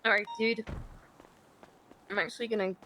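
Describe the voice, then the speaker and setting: A woman in casual roleplay chat on a game stream, blunt and quick to swear. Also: medium pitch, level tone, pushed and bright. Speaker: roleplay player. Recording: game car noise under voice.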